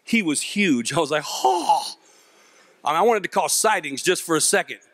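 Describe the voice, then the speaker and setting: A man's voice: fairly high pitch, a little fast, no echo. A middle-aged man giving a comedic motivational speech to teenagers, telling stories and acting out the voices. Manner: animated storyteller, acts out voices and jokes. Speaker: motivational youth speaker. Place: large auditorium with a young audience.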